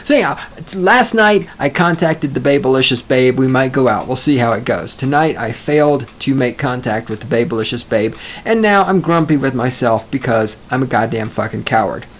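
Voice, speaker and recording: A man's voice: mid-range voice, lively intonation, normal speed, slight background noise. Male solo podcaster, rambling and swearing, self-mocking, mid-range voice. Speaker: podcast host.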